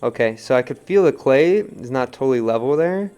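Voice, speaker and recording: A young man casually teaching wheel throwing, coaching in a relaxed way and often checking in with "right?". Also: medium pitch, brisk, clear, resonant tone, soft background music. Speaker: pottery teacher.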